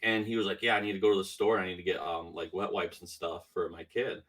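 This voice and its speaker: Rambling low-voiced man, distant mic. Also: little pitch movement, quick pace, a bit bright. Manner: rambling storyteller, many fillers and restarts. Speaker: podcast guest. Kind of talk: casual chat.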